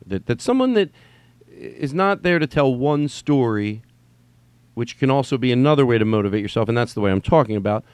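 A man's voice: medium pitch, no echo. Rambling, profane man hosting a solo podcast. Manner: rambling, profane, restarts sentences often. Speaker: podcast host. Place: at home during quarantine.

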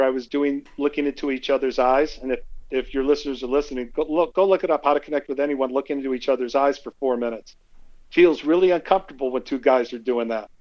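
A male podcast guest telling animated stories and acting out the quotes in them. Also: medium pitch, highs cut off. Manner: animated anecdotes, acts out quotes. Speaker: guest speaker. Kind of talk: conversational storytelling.

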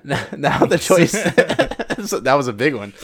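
A man's voice: on the high side, sing-song, unhurried, a crowd in the background. A man co-hosting a casual comedy chat, reading reviews aloud and laughing often. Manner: giggly, playful, breaks into laughter. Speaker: podcast co-host.

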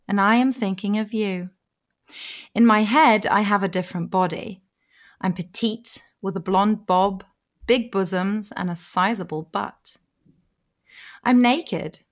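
Erotic narrator, German-accented woman, middle-aged, slow hushed intimate read, medium pitch.

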